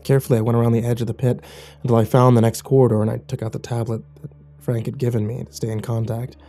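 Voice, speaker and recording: A man narrating a first-person horror story in a hushed, measured reading style. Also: mid-range voice, little pitch movement. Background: faint music.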